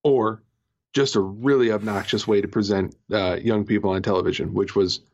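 A man's voice: lowish voice, fairly even intonation, moderate pace, darkish tone. A man co-hosting a podcast, chatting casually about a TV episode, rambling with lots of fillers and restarts. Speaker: podcast co-host. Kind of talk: casual chat reviewing a TV episode. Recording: muffled lo-fi audio.

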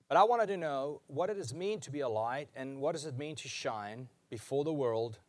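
A man preaching a sermon as a pastor, emphatic, slowing down and repeating key lines for weight. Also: medium pitch, expressive.

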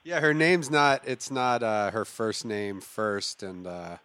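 A man's voice: on the low side, slow pace, a bit bright. A man riffing and reacting in casual podcast chat. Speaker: podcast co-host.

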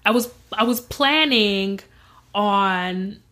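Casting note: young woman, interview guest, animated storyteller, middle pitch. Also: takes it slowly. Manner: animated, acts out quoted voices, laughs often.

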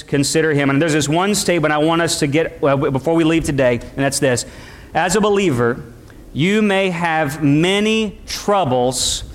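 A man preaching a sermon as pastor, acting out the voices of the people he describes and calling for responses from the congregation. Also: fairly high pitch. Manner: preaching, acts out quoted voices, calls for audience response.

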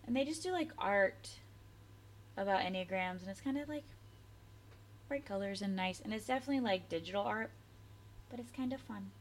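A young woman co-hosting a podcast, talking softly and easily in casual chat. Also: mid-range voice, expressive, brisk, long pauses, slight background noise. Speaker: podcast co-host.

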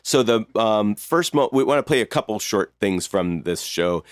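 A man co-hosting a casual talk about music, speaking thoughtfully with fillers and soft laughs. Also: fairly low pitch, animated, moderate pace, clean tone. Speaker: podcast co-host. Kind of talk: casual chat.

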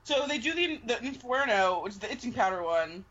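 A woman's voice: fairly high pitch, expressive, highs cut off, a crowd in the background. A woman co-hosting a podcast, chatting casually about a show and reading from her notes. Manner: fast, reads from her notes. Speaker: podcast co-host. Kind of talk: casual recap chat.

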